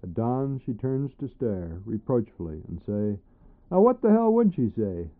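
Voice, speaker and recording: A man's voice: sing-song, measured pace. Man reading poetry on a tinny recording. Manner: dramatic, swinging between loud high bursts and low murmurs. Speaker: poet. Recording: tinny narrow-band recording.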